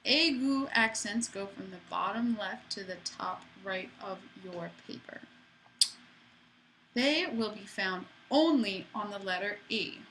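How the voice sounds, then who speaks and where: A woman's voice: mid-range voice, lively intonation, slow pace, a bit bright, slight background noise, low-quality recording. A woman teaching a French lesson to students in a chatty way, with playful asides. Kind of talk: classroom lesson.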